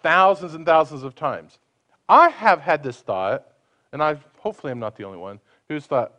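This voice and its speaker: A man's voice: on the high side, lively intonation, moderate pace, sharp tone. A man preaching a conversational sermon, asking his listeners questions and acting out the voices he quotes.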